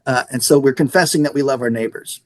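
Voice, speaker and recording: A middle-aged radio station manager from the San Antonio area of Texas tells stories in a casual interview, acting out the dialogue with animation. His voice is medium in pitch and he talks fast.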